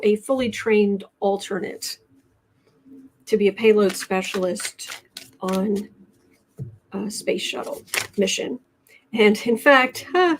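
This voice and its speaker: A woman's voice: mid-range voice, slight background noise. Chatty woman reading tarot on a livestream. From United States. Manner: chatty, trails off and restarts, reads chat aloud. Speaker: tarot reader livestream host.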